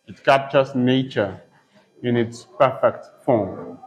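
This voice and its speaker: Slow, repetitive male poetry teacher. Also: mid-range voice, rough recording. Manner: repeats terms and spells them out letter by letter. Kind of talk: slow poetry lesson with dictation.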